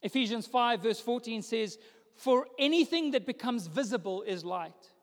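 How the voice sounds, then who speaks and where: High-voiced young pastor in a reverberant hall. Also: male voice, expressive, normal speed. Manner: builds from hushed to loud declarations. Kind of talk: sermon. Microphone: microphone.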